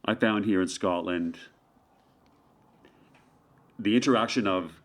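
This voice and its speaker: A Canadian man with a fairly low voice chats in an easygoing interview. His talk is playful and meandering, and jokes keep slipping in. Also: slow pace, long pauses. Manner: playful, rambling, joking. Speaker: guest street artist. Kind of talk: casual interview chat.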